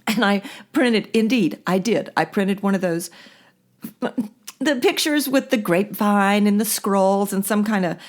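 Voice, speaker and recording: A middle-aged woman hosting a casual monologue, chatty and lively, laughing often as she tells stories. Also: medium pitch, measured pace. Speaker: podcast host.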